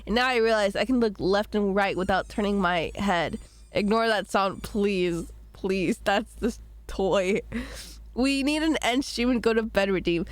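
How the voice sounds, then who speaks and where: A woman's voice: medium pitch, measured pace, dry recording. A young woman streaming while sick, chatting casually and rambling between giggles as she reads chat aloud. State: sick, voice rough.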